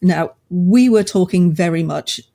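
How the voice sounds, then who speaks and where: A woman co-hosting a podcast, explaining things in a measured way. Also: on the low side, vocal fry, warm tone. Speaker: podcast co-host. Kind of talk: casual podcast chat.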